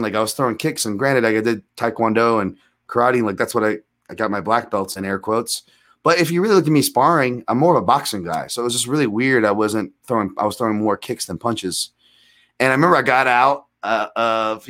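A man in his thirties, a podcast guest telling rambling, self-deprecating fight stories with animated retellings. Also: medium pitch. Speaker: guest, MMA analyst. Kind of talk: casual storytelling in a podcast interview.

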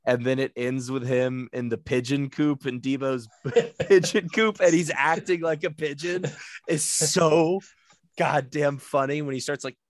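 A man's voice: mid-range voice, no room sound, studio quality. A man hosting a casual movie discussion podcast, laughing often, swearing, and acting out lines from the film. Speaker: podcast host.

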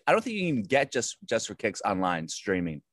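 A man with a lowish voice tells loose, self-mocking stories about his acting work, full of fillers and restarts. The sound is close and dry, with no room around it. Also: wildly swooping pitch, fairly quick, dry recording. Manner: rambling, self-deprecating storytelling with many fillers. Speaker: actor guest. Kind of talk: casual interview chat.

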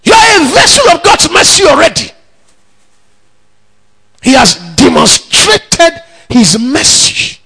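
A man preaching a sermon in a church, shouting bold declarations between slower, emphatic teaching. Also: very high-pitched, huge pitch swings, vocal fry, low-quality recording. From Nigeria. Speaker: pastor.

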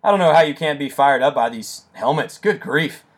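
A young man hosting a casual sports podcast, enthusiastic and excitable, speaking close into his microphone and breaking into shouts. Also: fairly high pitch, brisk, husky. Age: young adult. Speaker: podcast host.

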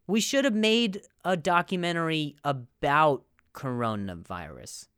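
A man's voice: on the high side, lively intonation, measured pace, a bit bright, clear, resonant tone, no echo, clean studio sound. A man hosting a podcast in a rambling, jokey monologue, stumbling over words and laughing at his own jokes. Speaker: podcast host. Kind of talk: casual comedic monologue.

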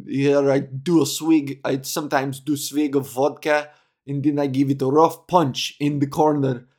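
Guy putting on a russian accent, curt tech help dude, no fluff, slow and businesslike. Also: on the high side, a little mellow. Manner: blunt, businesslike, broken phrasing.

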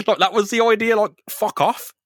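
A man's voice: high voice, fairly bright tone, dry recording, studio quality. A man co-hosting a podcast, recapping a comic in casual, sweary chat with plenty of laughter. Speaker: podcast co-host.

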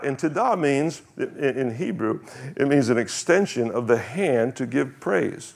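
A man preaching a conversational sermon to a congregation, reading scripture slowly and asking the people questions. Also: fairly low pitch, gravelly, darkish tone. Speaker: pastor.

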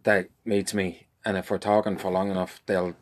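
Low-voiced Irish man, relaxed chat. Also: normal speed. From Ireland. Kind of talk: casual chat.

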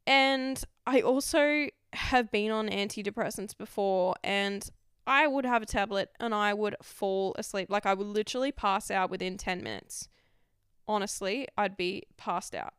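A woman's voice: medium pitch, expressive, measured pace, a bit bright, smooth, no echo, studio quality. A young adult woman talking frankly in a rambling, confessional monologue and swearing freely. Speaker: vlogger.

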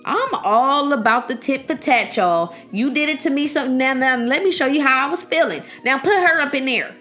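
A woman's voice: sits high, animated, moderate pace, a bit bright, soft background music. A young woman giving a casual, emphatic reaction to a series, blunt and profane, laughing often and jumping between points.

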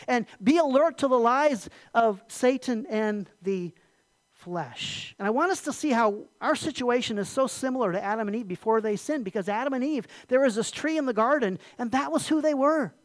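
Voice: medium pitch, moderate pace, no echo. Conversational pastor preaching in a dry room. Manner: conversational preaching with rhetorical questions and restarts. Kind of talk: sermon.

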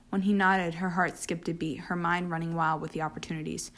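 A woman reading a story aloud at a steady pace, with occasional slips and restarts. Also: on the low side, fairly quick. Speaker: fanfiction reader.

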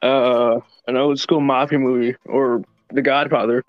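A man's voice: mid-range voice, level tone, a little slow, dry recording. A man co-hosting a wrestling podcast in casual chat, hesitant and stumbling over his words. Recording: dull dry podcast mic.

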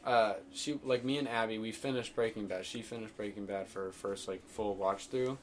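A man with a lowish voice chats loosely on a podcast, spinning family stories and laughing often. A faint hiss sits under the recording. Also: fairly even intonation, normal speed. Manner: laughing storyteller who acts out his mom. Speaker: podcast host. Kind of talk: casual podcast chat.

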